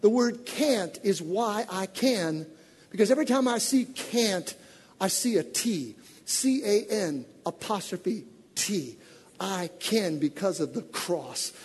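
A middle-aged male pastor with a high, husky voice delivers a sermon that climbs to shouted exhortation and falls back to easy storytelling. His words ring out with a long reverb, as if spoken in a large church hall. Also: expressive, slow. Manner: swings from loud shouted exhortation to low conversational storytelling.

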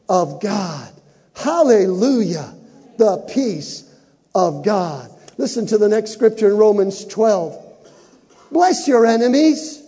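A man preaching a Christmas sermon, building to shouts and leading the congregation to repeat lines. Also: high-pitched, breathy edge. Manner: preaching with rising shouts and call-and-response. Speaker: pastor. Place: church sanctuary. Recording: long reverb of a large hall.

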